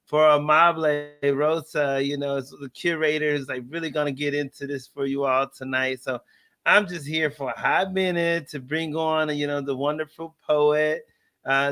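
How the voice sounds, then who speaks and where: A man from Texas hosting a casual live interview over a video call, chatty and quick to laugh as he tells stories. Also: medium pitch, bright, forceful tone, clear, resonant tone. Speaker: host.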